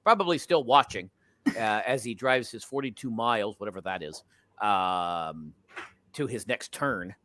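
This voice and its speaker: A man's voice: lowish voice, lively intonation, a little slow, a bit bright. A man co-hosting a casual chat show, telling rambling stories and laughing mid-sentence. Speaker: podcast co-host.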